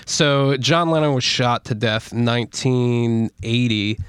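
A man's voice: medium pitch, takes it slowly, smooth, dry recording, studio quality. A man co-hosting a casual podcast, reading stories aloud with stumbles and frequent laughter. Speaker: podcast co-host.

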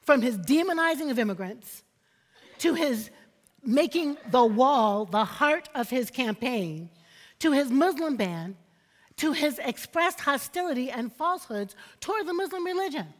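Woman preaching a fiery sermon, high voice, keeps asking for amens, long echo like a church hall. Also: lively intonation, unhurried. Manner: emphatic, repeats phrases for effect, calls for amens.

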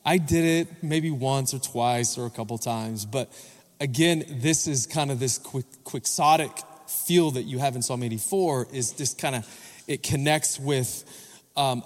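Pastor preaching in a reverberant church. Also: male voice, medium pitch. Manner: engages the congregation with questions and calls for responses. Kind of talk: sermon. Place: church sanctuary. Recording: long reverb of a large church hall.

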